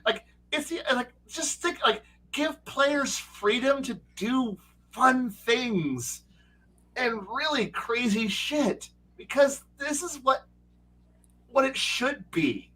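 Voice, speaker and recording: A man telling game master stories in casual livestream chat, excitable and rambling, with frequent swearing. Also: very high voice, slow. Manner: excitable, rambling, profane storytelling. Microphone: streaming setup mic.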